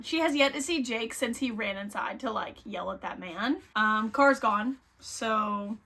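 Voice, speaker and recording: A young woman recaps a creepy novel in casual, excitable chat. Her voice sits a touch high, and she swears freely and scatters filler words as she gets worked up. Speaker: book reviewer.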